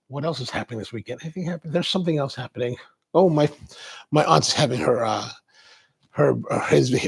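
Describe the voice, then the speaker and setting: A man's voice: fairly high pitch, vocal fry, slightly rough. A man hosting a coffee livestream, chatting casually and rambling while he answers viewer comments.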